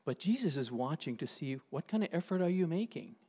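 A male pastor delivers a sermon in a slightly higher voice. His pitch swings widely as he stresses each point. He reads scripture aloud and slows down hard on the words that matter. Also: sing-song, darkish tone, slightly rough.

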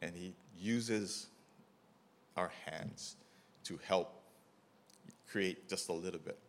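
A man's voice: deep voice, slow pace, slight background noise. A middle-aged man telling a casual testimony about volunteer work, rambling with many fillers and acting out the dialogue as he goes. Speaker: mission trip volunteer giving a testimony.

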